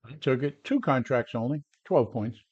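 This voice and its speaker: A medium-pitched, husky, slightly mellow voice with lively intonation speaks at normal speed, the highs cut off. It's a trading coach in his seventies on a live stream, combative and brash, talking back to his chat.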